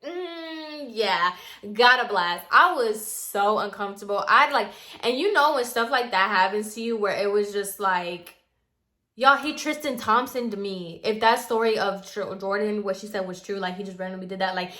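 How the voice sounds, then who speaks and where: A young adult woman telling a personal story in a chatty, expressive way, peppered with "like". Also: mid-range voice, normal speed. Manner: chatty and expressive, heavy use of filler "like". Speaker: storytime vlogger. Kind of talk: casual storytelling.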